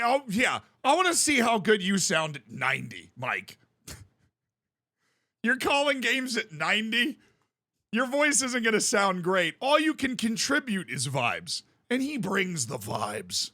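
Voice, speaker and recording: Bright-voiced, animated male streamer. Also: sits high, measured pace, no echo, clean studio sound. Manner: animated storyteller who laughs often. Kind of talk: casual chat on a live stream.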